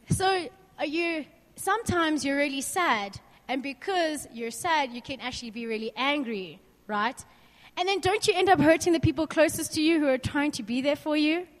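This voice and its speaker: A young woman with a high, bright-pitched voice talks to a group about faith in a chatty, candid way. She keeps asking the room questions and draws on her own stories. Her voice rings out with a long reverb, as if in a large hall. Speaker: youth speaker. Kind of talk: informal faith talk to a group.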